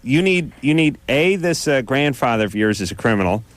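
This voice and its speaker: A man's voice: mid-range voice, expressive, fairly quick. Wisecracking man on late-night call-in radio. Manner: blunt, sardonic, wisecracking. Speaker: radio show co-host.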